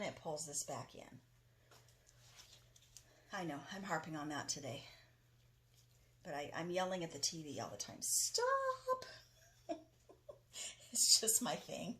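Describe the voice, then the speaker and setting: A woman hosting a casual crafting tutorial, chatting enthusiastically while she works in her home studio. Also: low voice. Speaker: craft video host.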